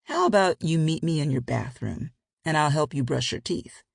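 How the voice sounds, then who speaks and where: A woman voicing a gruff, teasing grown man who speaks in a husky, growling tone. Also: lively intonation, moderate pace, no echo, clean studio sound, heavily acted. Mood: easygoing. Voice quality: low and husky. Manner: growling, rough-edged banter.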